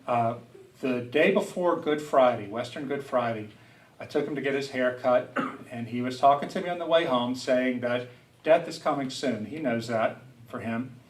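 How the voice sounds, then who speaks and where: A man's voice: mid-range voice, normal speed, far from the mic. A middle-aged man from south Louisiana giving a personal, reflective lecture, speaking earnestly and restarting his sentences now and then. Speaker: public speaker. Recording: roomy hall, speaker away from the mic.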